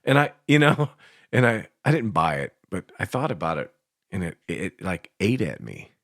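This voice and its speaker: Radio co-host, Appalachian man, husky low voice, crude and laughing. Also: sing-song, normal speed, a bit bright, dry recording, clean studio sound. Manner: foul-mouthed, laughs often, self-mocking storyteller. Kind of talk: casual chat. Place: radio studio.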